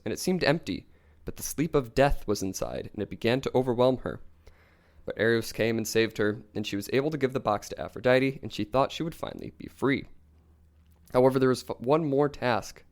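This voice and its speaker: A young man co-hosting a podcast, calmly retelling myths in a casual storytelling style. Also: mid-range voice. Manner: calm, even retelling of myths. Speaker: podcast co-host.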